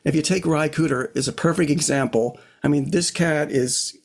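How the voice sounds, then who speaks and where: A middle-aged man with a somewhat high, gravelly voice that carries a husky edge. He talks in a loose, rambling way, circling back with asides as he thinks aloud. He sits close to his own desk microphone as a co-host of a casual chat. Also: normal speed. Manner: rambling, reflective, many "you know what I mean" asides. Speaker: podcast co-host. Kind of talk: casual chat about guitars.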